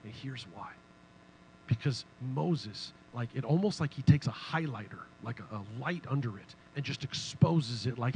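A man preaching a sermon in a casual, humorous, animated way. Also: medium pitch, normal speed, creaky, husky, poor audio. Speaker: pastor.

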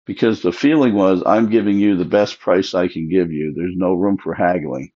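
Man, lowish voice, casual storyteller who acts out quoted relatives, dull lo-fi sound. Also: moderate pace, warm tone. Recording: dull lo-fi recording.

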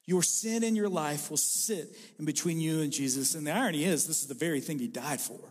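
A man's voice: on the high side, brisk, slightly rough. A male pastor preaching a sermon in a church, mixing self-deprecating jokes with his message. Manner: self-deprecating, joking storyteller. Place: church sanctuary. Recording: reverberant hall.

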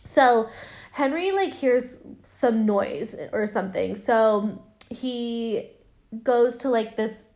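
A woman's voice: fairly high pitch, slow pace, a little mellow. A young woman hosting a podcast, casually recapping a horror film with lots of fillers and the odd swear. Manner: chatty, lots of fillers, swears, acts out quotes. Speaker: podcast host.

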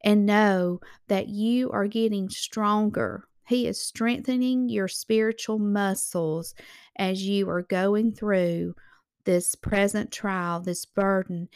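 An earnest woman delivers a devotional sermon, encouraging her listeners and reading scripture aloud. Her voice sits at a middle pitch. The recording is dry, with no room echo. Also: fairly even intonation, slow, a little mellow, clear, resonant tone. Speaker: Christian ministry host.

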